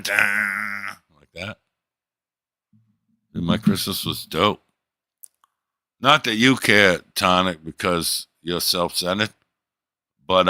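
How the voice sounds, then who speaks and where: A man's voice: fairly low pitch, pushed and bright, dry recording, studio quality. A middle-aged man hosting a livestream, talking in a crude, boastful and teasing way. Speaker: livestream host. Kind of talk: casual livestream chat.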